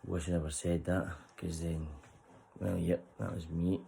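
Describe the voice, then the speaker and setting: A man's voice: deep voice, little pitch movement, a little slow, gravelly, dark tone, a little hiss or hum, rough recording. A man telling a rambling personal story in a loose, chuckling way, swearing freely. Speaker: vlogger.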